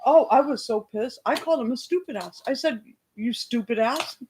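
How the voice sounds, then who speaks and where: A woman hosting a livestream, loudly and heatedly retelling an argument in casual talk. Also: fairly high pitch, normal speed, very noisy. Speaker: livestream host.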